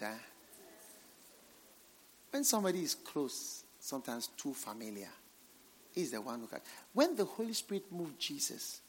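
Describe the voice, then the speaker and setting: A man preaching a sermon with dramatic swings from hushed, nearly whispered phrases to loud, emphatic exhortation. His voice sits somewhat high for a man. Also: long reverb tail.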